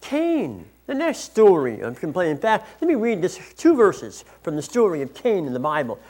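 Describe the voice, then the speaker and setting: A man's voice: high voice, huge pitch swings, moderate pace, darkish tone. A man preaching a sermon in an earnest, explanatory way, restarting phrases now and then. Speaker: pastor.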